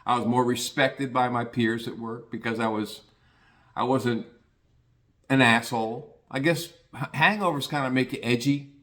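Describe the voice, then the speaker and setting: A man's voice: mid-range voice, steady tone, moderate pace, fairly bright tone. Plainspoken older man telling a rambling story. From Cincinnati area, US. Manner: rambling, plainspoken, frequent restarts, swears casually. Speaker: podcaster. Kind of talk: casual personal monologue.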